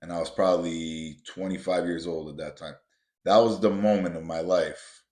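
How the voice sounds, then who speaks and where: Male podcast host, low voice, casual motivational storyteller who hammers points home, roomy echo. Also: fairly even intonation, moderate pace, darkish tone. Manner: builds to emphatic, repetitive punches; casual, addresses listeners as guys.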